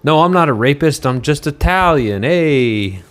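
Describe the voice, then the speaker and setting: A man's voice: fairly high pitch, expressive, measured pace, slight background noise, pitched above the performer's own voice. A man putting on a mocking impression of a blustering Italian-American man brushing off a scandal. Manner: exaggerated mocking impression, shrugging tone.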